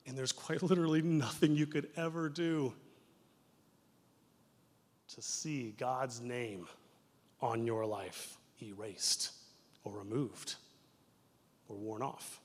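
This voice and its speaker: A young adult man preaching a sermon in a church as pastor, telling stories in an animated way that moves between loud and hushed. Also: medium pitch, slow, long pauses. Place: church sanctuary. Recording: reverberant church sanctuary.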